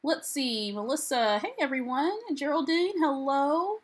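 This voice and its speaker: A woman's voice: sits high, unhurried. An American woman hosting a casual live stream, reading viewers' comments aloud and greeting them in a chatty, upbeat way. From United States. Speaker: livestream host.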